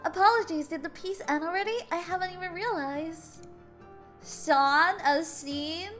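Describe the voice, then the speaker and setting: A young woman with a high voice streams a game, reading its dialogue aloud and breaking into chatty, animated stories. She trips over words and laughs often. Faint game music plays softly behind her. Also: normal speed. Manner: animated storytelling.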